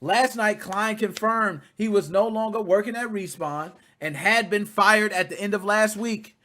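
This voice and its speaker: A man in his thirties hosting casual commentary, talking straight to his viewers in a blunt, profane, animated way. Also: sits high, a little slow. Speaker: commentary channel host.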